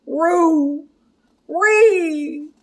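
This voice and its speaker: A woman's voice: very high voice, extremely slow, voice pushed up, exaggerated voice. A woman reading a storybook aloud and voicing a scared, hungry cartoon dog with yelping, slurred dog speech.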